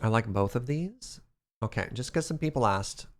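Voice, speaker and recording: Live-streaming a building game, a man banters playfully with his chat in an animated way. His voice is medium in pitch and his pace is normal.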